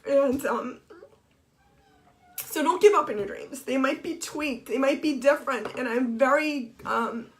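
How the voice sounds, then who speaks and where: A middle-aged woman and blogger talking on a Facebook Live, tearful and halting with many restarts, crying as she speaks. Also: high-pitched, slight background noise. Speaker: blogger and TV co-host. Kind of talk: emotional Facebook Live monologue. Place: home office.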